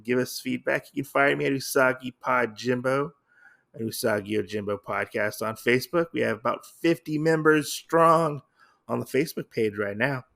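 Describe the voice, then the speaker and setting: A man's voice: mid-range voice, moderate pace, gravelly, a bit bright. A man hosting a podcast who casually recaps a comic story in a rambling way, with lots of fillers. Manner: rambling, filler-heavy retelling. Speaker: podcast host.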